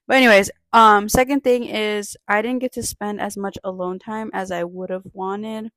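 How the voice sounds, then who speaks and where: A young woman in casual chat, talking in a relaxed, rambling way with many fillers. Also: mid-range voice, normal speed, few pauses, dry recording.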